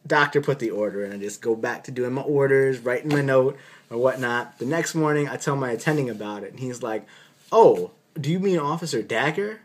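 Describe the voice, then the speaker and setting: A man's voice: mid-range voice, brisk. A man, a doctor, casually telling a story from an on-call night shift with a dry, sarcastic edge. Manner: wry, sarcastic delivery. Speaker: physician recounting an on-call shift.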